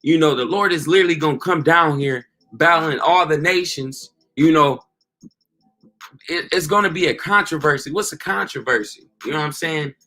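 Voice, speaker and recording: Slangy man preaching, a bit high. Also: moderate pace, bright, forceful tone. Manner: casual slang, repeats "you know" and "okay". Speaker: street preacher. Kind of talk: informal preaching monologue.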